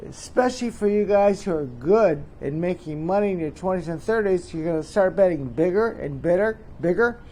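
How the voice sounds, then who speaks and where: A man's voice: high voice, expressive, moderate pace, hardly any pauses, warm tone, a little hiss or hum. A middle-aged man hosts a joking mock interview, rambling and teasing with chuckling asides. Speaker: host.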